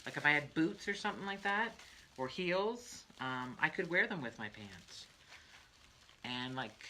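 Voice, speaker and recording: An older woman rambles through a crafting livestream, her voice low yet bright and forward. She laughs easily and wanders off into little asides. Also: a little hiss or hum. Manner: chatty, laughs often, trails off into asides. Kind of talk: rambling casual chat.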